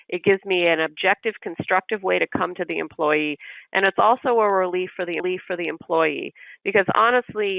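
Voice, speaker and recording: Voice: medium pitch, gravelly, sharp tone, dry recording, low-quality recording. A business systems trainer leading a recorded training session, explaining step by step and acting out short bits of manager dialogue. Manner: explanatory, walks through examples step by step; acts out manager dialogue in quotes.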